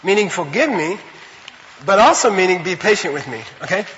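A man giving an animated, conversational Buddhist teaching to a class, often checking in with his listeners. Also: high voice, a little fast, in a large hall, lo-fi sound. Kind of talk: dharma lecture to a class.

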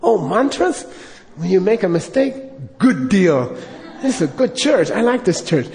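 A man voicing an excited elderly male Buddhist lama who talks in eager, delighted exclamations. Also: high-pitched, a little slow, big-room sound, voice pushed up, full character voice.

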